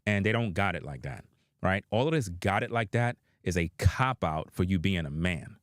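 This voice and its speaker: A man's voice: sits low, animated, moderate pace, no echo, clean studio sound. A man giving opinionated reaction commentary, blunt and profane, addressing his viewers directly.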